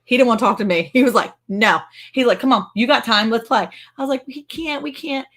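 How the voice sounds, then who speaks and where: A middle-aged woman with a Texan accent, co-hosting a casual livestream and telling a funny story. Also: fairly quick. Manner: animated, acts out quotes in high voices. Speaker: livestream co-host.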